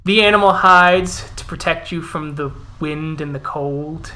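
A man's voice: fairly high pitch, measured pace, pushed and bright. A man narrating a tabletop role-playing game as game master.

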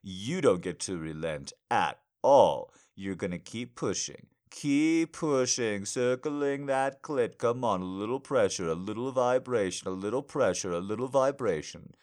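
A man speaking an intimate roleplay monologue straight to the listener, murmuring low, teasing and commanding. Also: lively intonation, a little slow, few pauses, a little mellow. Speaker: audio roleplay narrator.

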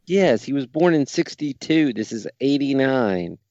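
A man's voice: medium pitch, expressive, unhurried, a little mellow, no room sound, muffled recording. A middle-aged man co-hosting a podcast, teasing his partners bluntly and swearing freely. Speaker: podcast co-host. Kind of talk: casual banter reviewing wrestling.

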